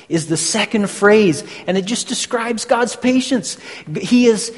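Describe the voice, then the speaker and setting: Slow, high-voiced preacher in a hall. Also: male voice. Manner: slow, deliberate teaching with emphatic pauses. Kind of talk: sermon. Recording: long hall reverb.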